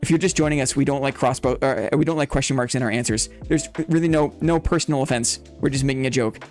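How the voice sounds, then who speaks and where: A man's voice: mid-range voice, fast, darkish tone, faint music behind. Playful male game streamer. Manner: playful, teasing, talks to chat; builds hype like a fight announcer. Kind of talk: live game stream chat and mock commentary.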